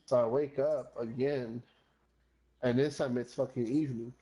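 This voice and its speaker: A man in the middle of a relaxed gaming chat spins a rambling tale. He restarts sentences, curses freely and drops Spanish phrases in with his English. His voice sits at an ordinary middle pitch. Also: normal speed, noisy background. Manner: rambling, swears often, slips into Spanish phrases. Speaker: gamer chatting with friends. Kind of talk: casual storytelling chat.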